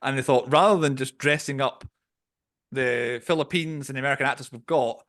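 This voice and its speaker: A man co-hosting a podcast, casually reviewing a film in an opinionated, animated way. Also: mid-range voice, a little fast. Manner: opinionated, animated storytelling with quoted voices. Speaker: podcast co-host.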